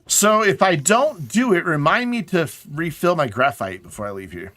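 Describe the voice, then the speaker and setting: A man's voice: on the high side, big pitch swings, moderate pace, a bit bright, no echo, faint music behind. A man casually chatting to his viewers while playing a game on a live stream, sounding tired and yawning. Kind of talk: casual live gameplay chat.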